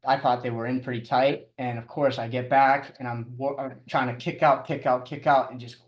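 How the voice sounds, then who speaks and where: A man's voice: medium pitch, flat delivery, muffled recording. Middle-aged guy telling a story on a podcast, keeps restarting his sentences, echoey room. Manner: halting, with frequent restarts and chuckles. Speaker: podcast guest, triathlete. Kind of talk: casual storytelling interview.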